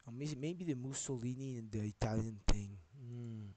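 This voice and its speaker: Guy rambling on a live stream, mid pitch, swears a lot, hops from topic to topic. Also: normal speed, background noise.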